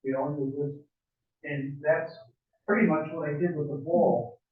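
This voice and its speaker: A man's voice: fairly high pitch, steady tone, normal speed. An older man giving an informal demonstration to a woodworking club, rambling with many fillers and chuckles. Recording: echoey room, far from mic, phone-like.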